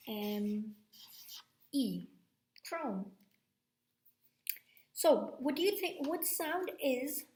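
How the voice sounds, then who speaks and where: A woman teacher giving a slow, patient phonics lesson, checking in with "okay?" and repeating each sound. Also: sits high, a little mellow, echoey room.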